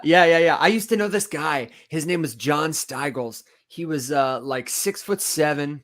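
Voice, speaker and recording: A man's voice: on the high side, moderate pace, hardly any pauses. A man with a Michigan accent and a nasal, reedy voice, chatting casually as a podcast host and telling stories with animation. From Las Vegas to Michigan, United States. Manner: animated storyteller, laughs easily. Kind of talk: casual livestream podcast chat.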